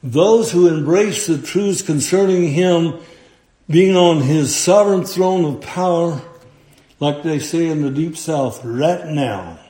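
A man preaching a sermon, slow and deliberate, quoting scripture in old-fashioned phrasing. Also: fairly high pitch, dark tone, roomy sound.

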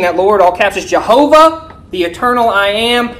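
A woman teaching a Bible lesson, reading scripture slowly and forcefully and quizzing her listeners with rhetorical questions. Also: medium pitch, animated, rough recording.

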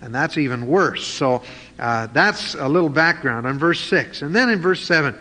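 A man's voice: on the high side, expressive, moderate pace, pushed and bright, long reverb tail. A man preaching a sermon, reading scripture aloud and then explaining it with plain asides.

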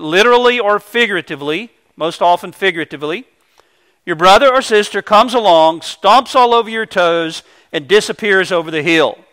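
A man's voice: high voice, sharp tone. A man preaching a sermon, earnest and explanatory, walking through a scripture passage with homely illustrations. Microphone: microphone.

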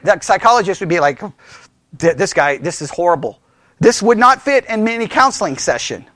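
A man's voice: very high-pitched, no room sound, clean studio sound. A man leading a Bible study in a church, teaching in an informal, emphatic way and acting out voices as he goes. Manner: animated, emphatic, acts out voices.

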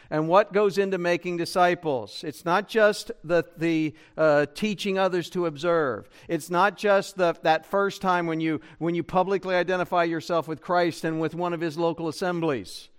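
A male pastor delivers a sermon with a high-pitched, smooth and resonant voice. He preaches emphatically, asking rhetorical questions and restarting his phrases as he goes. His tone stays crisp throughout. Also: steady tone, moderate pace.

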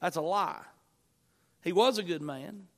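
A man's voice: sits high, unhurried, a bit bright. A male pastor preaching a sermon, quoting scripture in old-fashioned wording and repeating lines with swelling emphasis. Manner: quotes scripture in King James wording.

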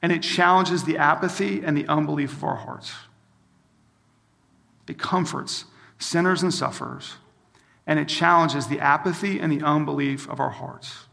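High, gravelly-voiced campus minister preaching in a hall. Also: male voice, fairly even intonation, fairly quick, hardly any pauses, bright, forceful tone. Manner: storytelling, acts out quoted dialogue. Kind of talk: sermon.

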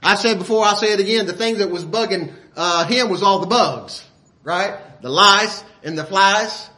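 A man preaching a sermon in a folksy way, asking the listeners rhetorical questions and often clearing his throat. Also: high-pitched, moderate pace, bright, forceful tone.

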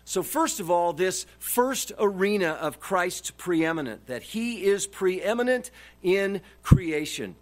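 A man's voice: high voice, animated, slow pace. A man preaching a sermon, emphatic and repeating his key phrases for stress. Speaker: pastor.

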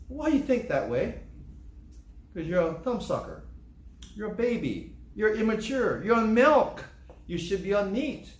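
Older guy preaching, kinda high voice, emphatic and repeats himself a lot, echoey church room. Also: big pitch swings, unhurried, pauses often. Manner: emphatic, repetitive, acts out church members' excuses. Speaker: pastor. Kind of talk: sermon.

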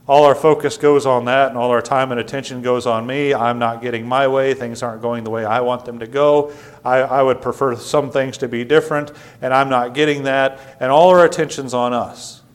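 Stammering preacher man, loud then hushed. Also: medium pitch. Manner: stammering restarts, swings from loud to quiet. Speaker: pastor. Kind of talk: sermon. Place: church sanctuary.

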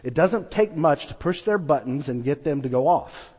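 A man's voice: fairly high pitch, lively intonation, moderate pace, darkish tone, breathy edge. A man preaching a sermon, telling a story and acting out the voices in it. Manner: storytelling, acts out quoted voices. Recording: long reverb of a large hall.

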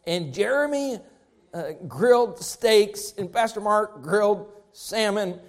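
A man's voice: high voice, animated, slow. A man preaching a sermon to his congregation, with an emphatic, rising and falling preaching cadence. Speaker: pastor.

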